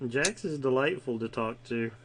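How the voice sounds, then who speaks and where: A man's voice: mid-range voice, animated, moderate pace, noisy background. A man with a Cajun accent from the Mississippi Gulf Coast, teasing playfully in a casual group chat.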